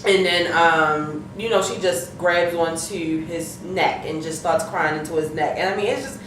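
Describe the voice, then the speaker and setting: A woman hosting a casual TV episode recap, talking in an animated, profane way and acting out the characters' lines. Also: fairly low pitch, moderate pace. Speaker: TV recap host. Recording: echoey room, distant mic, faint noise.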